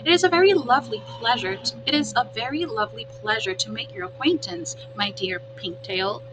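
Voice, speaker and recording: An earnest female robot from a storybook, careful and overly formal in every phrase, as a woman reading aloud puts her on. Her voice sits fairly high, with a humming noise underneath. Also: a little fast, close to an everyday voice.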